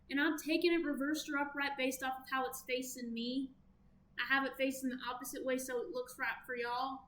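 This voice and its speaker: A woman's voice: high voice, steady tone, a little fast, bright, forceful tone. A woman with a Southern American accent gives a casual, chatty tarot reading, full of playful asides. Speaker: tarot reader. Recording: echoey room with faint background noise.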